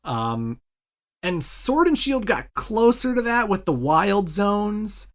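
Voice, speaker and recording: A man's voice: sits high, sing-song, slow pace. A man in his thirties co-hosting a podcast, chatting casually and eagerly about video games. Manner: enthusiastic, rambling gamer talk. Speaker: podcast co-host. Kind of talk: casual chat.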